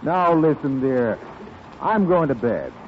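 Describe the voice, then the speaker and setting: A man's voice: mid-range voice, big pitch swings, slow pace, pitched below the performer's own voice. A man playing a meek husband who mildly protests, in a 1930s radio comedy sketch. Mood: protesting. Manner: mild and protesting. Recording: dull, hissy 1930s radio broadcast.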